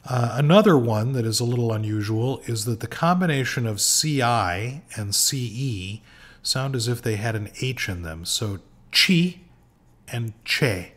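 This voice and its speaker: A man giving an informal pronunciation lesson, slow and patient, with frequent fillers, repeating each word for practice. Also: medium pitch. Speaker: language teacher.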